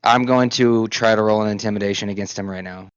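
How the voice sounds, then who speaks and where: Lowish-voiced guy at a tabletop game, blunt, swears a lot, dry dull mic. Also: fairly even intonation, quick pace, clear, resonant tone, no echo. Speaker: player. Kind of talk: tabletop role-play.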